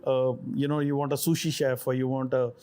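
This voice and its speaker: A man's voice: mid-range voice, little pitch movement, a little fast, a crowd in the background. A middle-aged man from India, a chef answering interview questions thoughtfully with many fillers and restarts.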